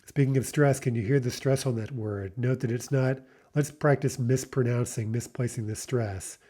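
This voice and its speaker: A man teaching a vocabulary lesson, saying each word slowly and repeating it, with patient explanations. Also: mid-range voice, steady tone, dark tone. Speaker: language teacher.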